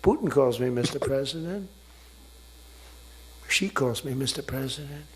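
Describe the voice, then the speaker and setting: Male speaker doing a mock-French president, husky, flustered, pleading no-no-no. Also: medium pitch, a little slow. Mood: protesting. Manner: pleading, repeats "no, no, no".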